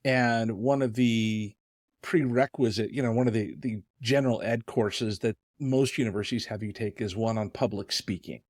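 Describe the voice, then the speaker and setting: A man's voice: lowish voice, moderate pace, a little mellow, no echo, clean studio sound. A man in his fifties hosting a podcast, telling a personal story in a conversational way. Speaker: podcast host. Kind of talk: casual podcast chat.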